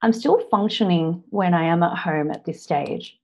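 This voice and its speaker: An Australian woman in her thirties tells her own story to an audience in an earnest speech. Her voice sits a little low, and she often stops on "now" before moving the story on. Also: moderate pace, a little mellow. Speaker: public speaker.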